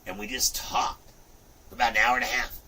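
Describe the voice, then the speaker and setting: A man in his fifties hosting a livestream, chatting casually in an animated, rambling way, often saying "look" and "you know". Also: mid-range voice, a little fast, distant mic, slight background noise, low-quality recording. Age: 50s. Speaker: livestream host.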